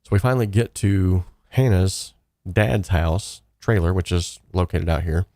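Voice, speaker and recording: Deep-voiced man rambling through a casual livestream. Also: unhurried, a little mellow, dry recording, studio quality. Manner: rambling storyteller, many fillers and restarts. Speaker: host. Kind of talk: casual live-stream chat. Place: home studio.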